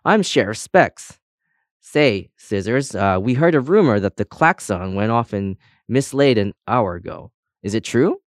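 A man's voice: fairly low pitch, big pitch swings, a little slow, dry recording, clean studio sound. A man voicing a cheery, folksy male sheriff made of spectacles, talking in a hearty, jokey drawl.

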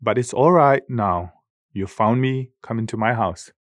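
A man voicing a gentle, loving old toy pig in an audiobook, speaking softly and comfortingly. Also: mid-range voice, measured pace, dry recording, studio quality, natural voice. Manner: soft, comforting. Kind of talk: audiobook character voice.

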